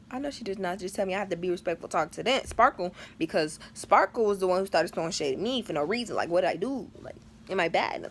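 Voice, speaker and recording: A woman's voice: mid-range voice, lively intonation, fast talker, fairly bright tone, slight background noise. Chatty teen girl telling a story. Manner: chatty, dramatic, lots of slang and fillers. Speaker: vlogger. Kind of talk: casual storytime vlog.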